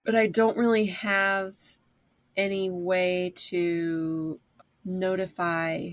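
A woman's voice: lowish voice, flat delivery, drawn-out words, no room sound. A woman playing a tabletop game, casual and hesitant, thinking aloud. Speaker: player.

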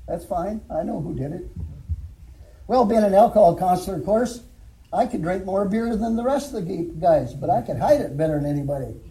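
An older man shares his church testimony in a folksy, storytelling manner, chuckling now and then. His voice sits high for a man and sounds very dark and mellow in tone. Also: expressive, brisk, rough recording. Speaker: former alcohol counselor giving testimony.

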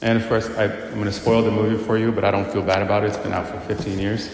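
A man's voice: on the low side, little pitch movement, fast, noisy background. A man preaching a sermon, telling a story earnestly and posing rhetorical questions to the congregation. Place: church. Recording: echoey church hall.

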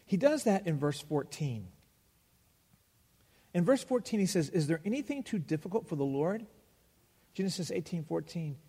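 A man preaching a sermon, acting out Bible dialogue with emphatic pauses. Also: on the high side, big pitch swings, mellow, breathy edge. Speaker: pastor. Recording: long hall reverb.

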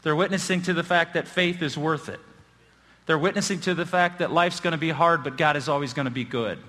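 A middle-aged man preaching a sermon as pastor, telling stories with self-deprecating humor and building excitement. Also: on the high side, fairly quick. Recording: long hall reverb.

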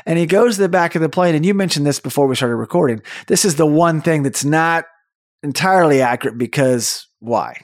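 A man's voice: a little high, brisk, no echo. Chatty enthusiastic man, dry close mic. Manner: enthusiastic, talkative, animated. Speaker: podcast co-host. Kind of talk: casual chat.

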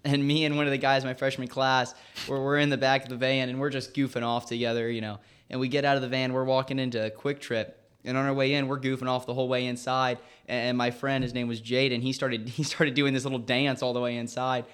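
A man's voice: mid-range voice, little pitch movement, fast talker, hardly any pauses, a bit bright, clear, resonant tone. A young man, a guest on an interview, telling a story and laughing now and then.

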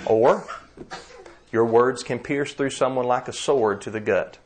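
A man preaching a sermon, earnest and emphatic, slowing down to read scripture. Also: mid-range voice, slight background noise.

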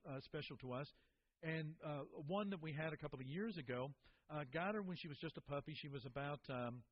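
Male preacher, fairly high voice, earnest storyteller who repeats for emphasis; dull, hissy recording. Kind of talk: sermon.

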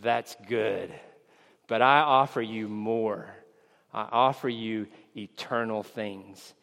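A pastor delivers an earnest, measured sermon, stressing key words and voicing the disciples' lines in a raised, excited tone. His voice is lowish and gravelly, and a long hall reverb surrounds it.

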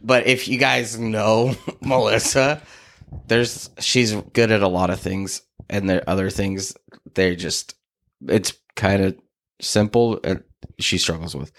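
A man's voice: fairly low pitch, fairly even intonation, takes it slowly, a bit bright. A man co-hosting a casual podcast, teasing and laughing often, explaining things earnestly. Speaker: podcast co-host. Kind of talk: casual chat.

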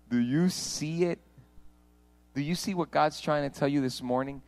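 A man preaching a sermon as pastor, swinging from hushed pleading to loud, passionate declarations. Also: fairly high pitch, normal speed, soft background music, low-quality recording.

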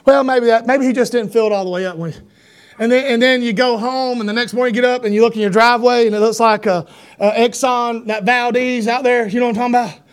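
A middle-aged Southern pastor with a Georgia accent and a markedly high voice. He wanders through homespun stories with stammered restarts and self-deprecating humor, then lifts into a shouted sermon. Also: steady tone, quick pace, clean tone.

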